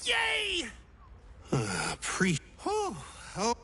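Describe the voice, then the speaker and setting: A performer voicing an eager, hapless young would-be adventurer in a video game, excitable and clumsy, fumbling for words. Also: high voice, very slow, raised voice, a little hiss or hum, full character voice. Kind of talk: video game character dialogue.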